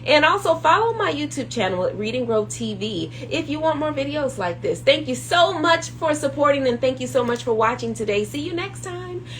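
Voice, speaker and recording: A woman hosting children's circle time, reading a storybook aloud slowly and expressively, hushed at calm moments. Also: high-pitched, slight background noise, poor audio.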